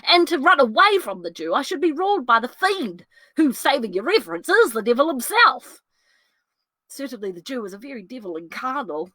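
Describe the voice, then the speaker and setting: A jittery comic servant argues with himself, voiced by a woman reading solo, mimicking a fiend and a conscience. The voice is very lively and bright, pitched high, with wild jumps. It sounds dry and close. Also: a little fast, dry recording, exaggerated voice. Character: comic young male servant, jittery and torn. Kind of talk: solo dramatic reading of a classic play.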